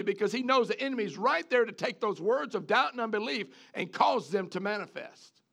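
A man with a high, gravelly voice preaches a sermon. He talks in an animated way, stumbles over repeated words and keeps turning to the congregation with questions. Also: a little fast.

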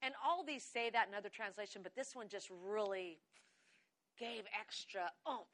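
A woman preaching a sermon with exuberance, often breaking into laughter and reading scripture slowly. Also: mid-range voice, fairly bright tone.

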